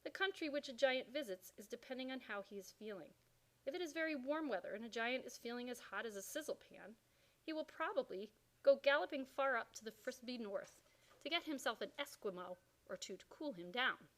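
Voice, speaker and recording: A woman's voice: on the high side, lively intonation, fairly quick, natural voice. A woman voicing a huge, kindly old male giant who speaks in mangled grammar and made-up words. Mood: earnest.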